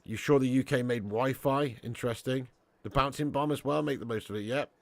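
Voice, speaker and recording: A man with a brisk mid-range voice, recorded dry, hosts a live football watch-along. Reading out viewers' super chats, he banters constantly, laughs often and throws in cheeky boasts as jokes.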